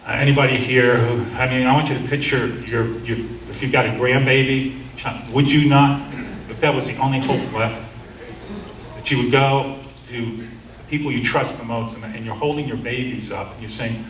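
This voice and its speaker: A man's voice: mid-range voice, steady tone, normal speed, a bit bright. A middle-aged man giving a seminar talk, telling a story in an earnest way and acting out the officers he quotes. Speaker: seminar speaker. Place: seminar room. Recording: roomy, distant mic, faint hum.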